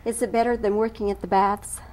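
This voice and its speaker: A woman's voice: medium pitch, level tone, a little fast, a little mellow. Woman interviewer, mid-range voice, eager and chatty. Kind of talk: entertainment interview.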